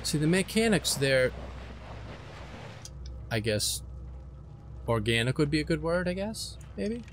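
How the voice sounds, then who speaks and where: A man's voice: on the high side, big pitch swings, measured pace, long pauses, a little hiss or hum. A young man giving casual let's-play commentary, chatty and unsure of himself, often speaking to the creatures in the game. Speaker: gaming commentator.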